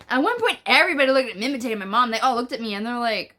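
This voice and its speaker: Young woman, storytime vlog, bright, slightly high-pitched, rambling, swearing, at home. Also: lively intonation, rapid-fire, few pauses. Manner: rambling, swearing, lots of fillers like "bruh" and "like". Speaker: vlogger. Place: at home, indoors.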